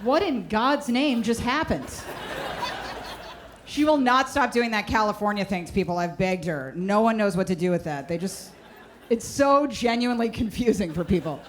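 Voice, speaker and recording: A woman's voice: medium pitch, lively intonation, fairly quick, background noise. A woman doing stand-up, telling a story in a wry, conversational way. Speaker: stand-up comedian.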